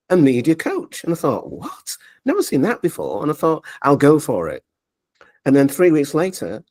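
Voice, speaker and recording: A man in his forties tells stories as an interview guest, his pitch leaping up and down as he acts out who said what. He talks with lively animation. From Leeds, England. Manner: animated storyteller, acts out quoted dialogue. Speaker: interview guest, media coach. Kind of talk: storytelling interview.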